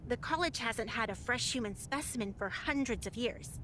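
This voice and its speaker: Woman doing a high-voiced sea-people scholar girl, flat and clinical, wants to study you, game voice. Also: moderate pace, a little hiss or hum, lightly acted. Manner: matter-of-fact, detached. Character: curious female Lemurian scholar, coolly clinical. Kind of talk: game voice acting.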